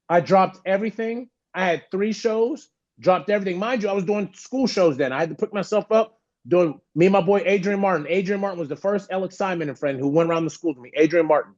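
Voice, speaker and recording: A man's voice: high voice, darkish tone, highs cut off. A man, a guest on a podcast, telling a story with animation and acting out the voices of the people he quotes. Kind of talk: storytelling in an interview.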